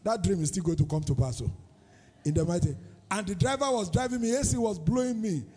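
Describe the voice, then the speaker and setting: A man's voice: sits high, brisk, mellow, husky, big-room sound. A man with a Nigerian accent preaching a sermon as pastor, in a sing-song style that throws questions out to the congregation. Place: church service.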